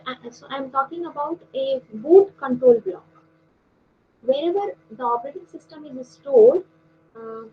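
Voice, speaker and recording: A woman lecturer giving an online class, explaining step by step with frequent pauses and fillers. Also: high-pitched. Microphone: video call. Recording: dull lo-fi call audio with faint noise.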